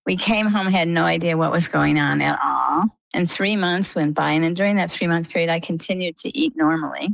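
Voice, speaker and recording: Low, gravelly middle-aged woman storyteller. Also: dry recording, low-quality recording. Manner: animated, lively retelling. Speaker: interview guest. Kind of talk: conversational storytelling.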